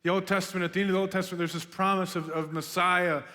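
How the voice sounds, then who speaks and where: Man, young adult, youth pastor, casual sermon, high voice, ringing reverb. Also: fast. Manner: chatty and animated, lots of "like" and "right?". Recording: long hall reverb.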